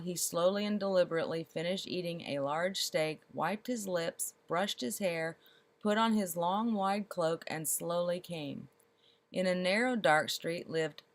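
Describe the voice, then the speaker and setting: A woman reads a children's story aloud, her voice sitting a little on the low side. She is expressive and slows down to savor the comic details.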